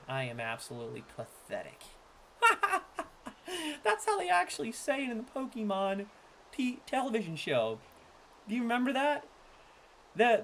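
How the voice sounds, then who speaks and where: A man in his thirties talking casually to his stream while opening card packs. He swings between boastful, loud trash-talk and low, laid-back asides. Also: a little hiss or hum.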